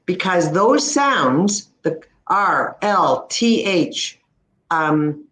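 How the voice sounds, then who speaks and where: A woman's voice: fairly low pitch, very animated, a bit bright. Instructive Canadian woman in an echoey room. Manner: crisp, instructive, demonstrates words slowly. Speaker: speech-language pathologist. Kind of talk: teaching pronunciation in conversation.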